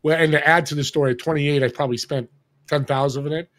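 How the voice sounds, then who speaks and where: A man in his sixties from Northern California, a podcast guest telling a story in an animated way and acting out the people he quotes. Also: on the high side, fast talker. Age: 60s. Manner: animated, acts out quoted dialogue. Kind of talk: casual storytelling.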